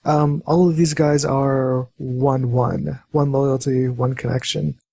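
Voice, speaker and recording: A man acting as game master of a tabletop role-playing game, talking in a relaxed, hesitant way with many fillers. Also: mid-range voice, slow pace, vocal fry, husky, no room sound.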